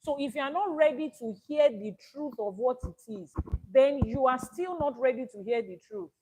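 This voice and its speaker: Animated Nigerian woman teaching. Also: high-pitched, moderate pace, breathy edge, poor audio. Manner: animated, rhetorical questioning. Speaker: Ifá priestess. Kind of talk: spoken teaching broadcast.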